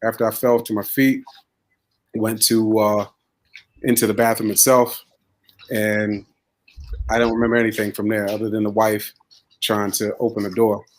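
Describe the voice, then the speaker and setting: Flat, low-key man telling his story. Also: normal speed, long pauses. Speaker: podcast guest. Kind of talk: casual chat.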